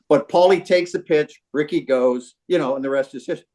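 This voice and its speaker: Animated older man telling a story. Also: a little high, brisk. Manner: animated, swearing, acts out quotes. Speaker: baseball trainer telling a story. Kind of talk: casual storytelling on a phone call. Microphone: phone call.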